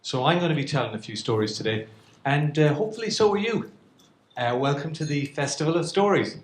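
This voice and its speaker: A middle-aged Irish man telling a comic story to a live audience, animated and self-mocking. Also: fairly high pitch, brisk. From Ireland. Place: event hall with a live audience. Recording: roomy live hall.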